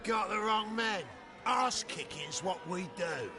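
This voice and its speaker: A man's voice: high voice, takes it slowly, a crowd in the background. An actor voicing a brash, boastful male pit fighter who talks crude and cocky, in video game acting. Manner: loud hollering showman, crude and cocky. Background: game music.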